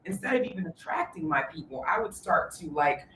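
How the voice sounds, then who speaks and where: A coaching participant chatting quickly in a casual, conversational way. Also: mid-range voice, very animated, pushed and bright, echoey room, slight background noise. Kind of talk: casual chat.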